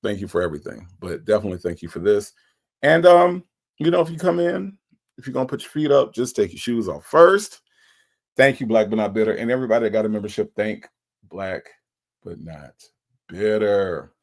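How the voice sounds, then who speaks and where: A man's voice: lowish voice, expressive, a little fast. A man hosting a livestream, emotional and repeating his thanks to viewers again and again. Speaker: livestream host. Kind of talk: casual livestream shout-outs.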